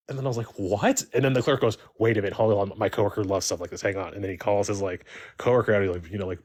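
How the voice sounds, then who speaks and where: Caller: very low-voiced man, casual rambling storyteller, heavy "like" fillers. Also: quick pace, a little mellow.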